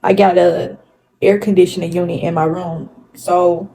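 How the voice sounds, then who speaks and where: A woman's voice: on the low side, flat delivery, normal speed, gravelly, warm tone, poor audio. A woman vlogger telling a personal story to her viewers in an earnest, repetitive way, often turning to address them directly. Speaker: spirituality vlogger. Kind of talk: casual storytelling to camera.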